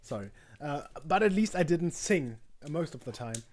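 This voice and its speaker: A man's voice: on the high side, lively intonation, moderate pace, darkish tone. A man streaming alone, rambling casually with jokes, frequent ums and stumbling self-corrections. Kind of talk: casual livestream monologue.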